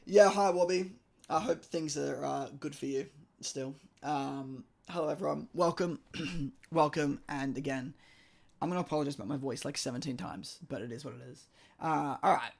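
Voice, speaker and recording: A man with a hoarse, croaky voice, a maths teacher live-streaming exam tutoring from home and chatting with viewers. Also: a little high, moderate pace. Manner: chatty, apologetic, reads viewer chat aloud. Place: at home, indoors. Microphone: streaming microphone.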